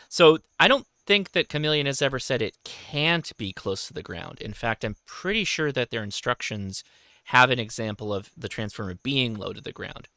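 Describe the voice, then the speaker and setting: A man hosting a relaxed livestream chat, his voice bright and crisp. He talks in halting bursts, often correcting himself. The sound is dry and close. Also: medium pitch, dry recording. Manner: halting, self-correcting, reads viewer questions aloud. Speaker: host.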